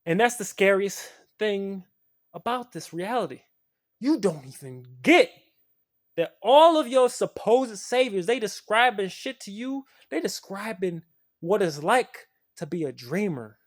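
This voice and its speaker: A spiritual video creator delivering an impassioned, profane rant to the camera. The delivery swings from low muttering to shouting. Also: very animated, measured pace.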